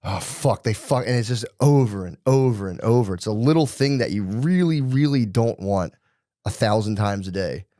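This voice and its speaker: A middle-aged man co-hosting a podcast in casual chat. He rambles and swears freely, and he drops to low mutters when he quotes his own thoughts. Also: lively intonation, moderate pace, dark tone, dry recording, clean studio sound. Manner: rambling, profane, drops to muttered asides when quoting himself. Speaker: podcast co-host.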